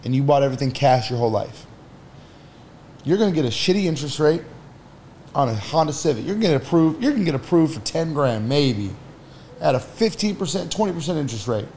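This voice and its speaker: A man's voice: on the high side, big pitch swings, brisk, a little mellow, a little hiss or hum. A man on a podcast as an entrepreneur guest, talking casually and bluntly, with some swearing, while he gives advice. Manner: blunt, profane, advice-giving.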